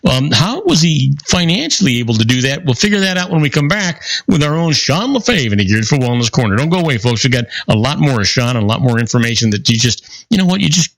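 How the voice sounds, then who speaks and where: A man hosting a talk show, asking questions with halting, searching phrasing. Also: mid-range voice, sing-song, dry recording. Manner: hesitant, searching for words. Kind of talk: casual radio talk.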